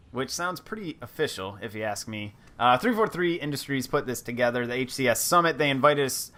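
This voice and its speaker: Bright-voiced upbeat podcast host. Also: male voice, medium pitch, expressive, fairly quick, hardly any pauses. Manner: upbeat, fluent segment presenter with fillers. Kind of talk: casual chat.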